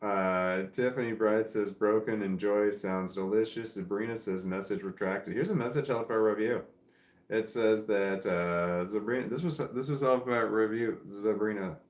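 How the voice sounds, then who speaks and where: A man's voice: on the low side, moderate pace, echoey room. A man hosting a livestream, chatting casually and reading out viewer comments, rambling with many restarts. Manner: rambling, with frequent restarts and filler. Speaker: livestream host.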